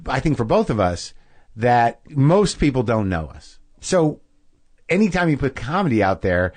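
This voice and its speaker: A man in his fifties hosting a podcast interview, talking in a rambling, self-deprecating way and breaking into quick impressions of people. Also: mid-range voice, big pitch swings, darkish tone, no echo. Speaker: podcast host. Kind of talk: casual interview chat.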